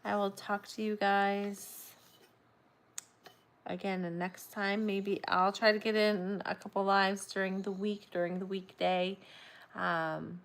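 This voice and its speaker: A sleepy woman hosts a relaxed crochet livestream, her talk rambling and unhurried. She yawns as she chats and reads viewer comments aloud, with a middle-pitched voice. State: tired and yawning. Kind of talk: casual livestream chat.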